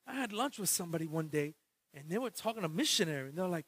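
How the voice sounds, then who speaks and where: A man preaching a sermon as pastor, switching between loud shouted exhortation and quiet, joking asides in casual slang. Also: very high-pitched, very animated, fast, dry recording. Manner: jokey, street-slang storytelling.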